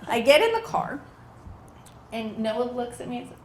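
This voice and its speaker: A woman doing stand-up at an outdoor backyard show recounts a family story at a measured pace, animatedly playing each relative. Her voice is on the high side, heard in an echoey space with background noise.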